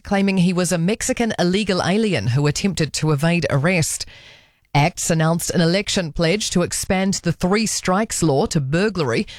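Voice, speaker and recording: A woman with a New Zealand accent reading radio news headlines in a brisk, crisp delivery. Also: on the low side, dry recording, studio quality. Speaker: news reader.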